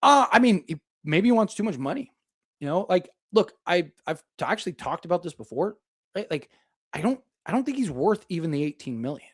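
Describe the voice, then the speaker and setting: A man's voice: high voice, sing-song, brisk, husky. A young man hosting a casual live basketball talk stream, rambling with lots of fillers as he reads viewer super chats. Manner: rambling, filler-heavy, thinks aloud. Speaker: sports podcast host reading super chats.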